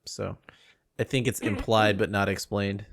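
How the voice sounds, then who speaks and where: A man co-hosting a podcast, talking in a loose, rambling way with restarts and animated asides. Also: fairly low pitch, unhurried, creaky, dry recording. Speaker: podcast co-host. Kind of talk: casual chat.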